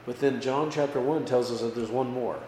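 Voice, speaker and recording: A male pastor with a medium-pitched voice leads a casual Bible study at a brisk pace, often checking in with "okay?" and "right?" and lifting his voice for emphasis. The hall is echoey, with faint background noise.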